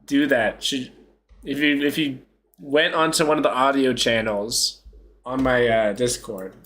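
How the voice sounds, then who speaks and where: A man's voice: mid-range voice, steady tone, a little slow, a bit bright. A young man chatting casually on a live stream, joking, self-mocking and laughing often.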